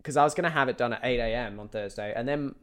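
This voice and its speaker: A man's voice: mid-range voice, quick pace, fairly bright tone, smooth. A young man, chatting casually and laughing as a podcast co-host. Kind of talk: casual chat.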